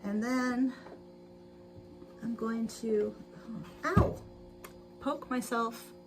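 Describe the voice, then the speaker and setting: A woman's voice: a little high, extremely slow, music in the background. A woman hosting a casual sewing livestream, chatting to viewers and talking herself through each step, laughing often. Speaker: livestream host. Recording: noisy livestream audio with sewing machine. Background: sewing machine noise.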